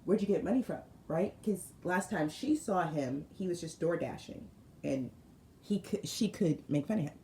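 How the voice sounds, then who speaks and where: A woman tarot reader telling a story with animated asides to her viewers. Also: low-pitched, a little slow. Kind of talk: storytelling spiritual reading. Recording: roomy room with faint noise.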